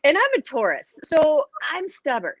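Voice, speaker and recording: A woman's voice: high voice, moderate pace, no echo. Woman telling her story on a dull dry line. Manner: candid and expressive, lively retelling. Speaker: guest, metaphysician. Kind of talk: casual interview storytelling.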